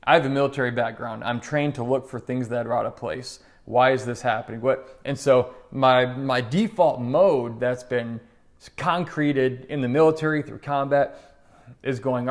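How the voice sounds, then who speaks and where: A middle-aged man tells a personal story as a spoken monologue, earnest and conversational. He slips into short quoted voices as he retells it. His voice sits at an ordinary middle pitch. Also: normal speed. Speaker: motivational speaker.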